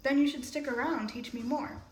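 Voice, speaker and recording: A woman's voice: high-pitched, steady tone, normal speed, a little mellow, a little hiss or hum, lightly acted. A woman reading aloud as an eager teenage boy wizard, in a light, slightly raised voice. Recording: roomy echo.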